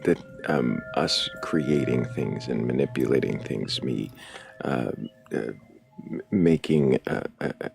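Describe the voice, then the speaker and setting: A man with an extremely deep, gravelly voice. He talks slowly and haltingly, feeling his way through his questions as he hosts a live chat, with faint music in the background. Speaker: host. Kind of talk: casual call-in chat.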